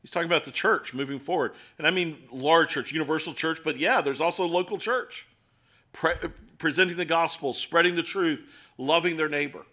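A middle-aged man preaching a sermon, asking rhetorical questions and moving between quiet asides and emphatic points. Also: fairly high pitch, fairly quick. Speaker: pastor.

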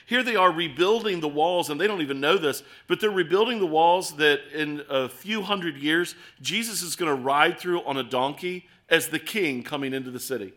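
Man, preacher, earnest sermon, rhetorical questions, storytelling, bright forceful tone, slightly high voice. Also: moderate pace, hardly any pauses.

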